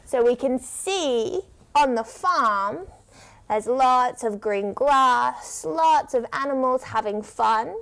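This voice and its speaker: A kids' yoga teacher with a fairly high, slightly bright voice leads children through a yoga story. She's playful and encouraging, asks them questions, and gives slow, drawn-out instructions.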